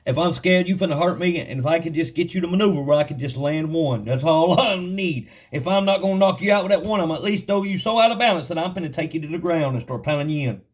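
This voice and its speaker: In a slightly high voice, a man teaches scripture in a relaxed, folksy way, telling stories and laughing a lot. When he reads Bible passages, he goes slowly and deliberately.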